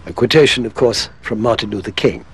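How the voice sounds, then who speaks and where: A man reading scripted documentary narration in a measured way. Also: on the low side, slight background noise, low-quality recording.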